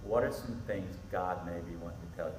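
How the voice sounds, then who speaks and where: A middle-aged man preaching to a youth group, telling a story with animated, acted-out quotes. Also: deep voice, fairly quick, far from the mic, a little hiss or hum. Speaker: pastor. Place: church hall. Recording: echoey hall with faint ambience.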